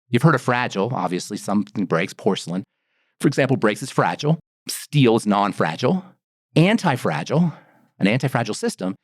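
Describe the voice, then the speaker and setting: A middle-aged man talks in a very lively, swooping voice, full of rhetorical questions and acted-out exclamations. He is explaining skin care as a pharmacist and formulator. The sound is dry and close, with no room around it. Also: medium pitch, dry recording. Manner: animated, rhetorical, acts out exclamations. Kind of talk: explanatory podcast talk.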